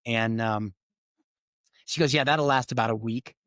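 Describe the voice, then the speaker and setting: Middle-aged male podcast guest, animated raconteur, plays out dialogue, dry recording. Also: medium pitch, a little slow, dry recording. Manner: animated storyteller, acts out quoted lines. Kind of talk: casual storytelling interview.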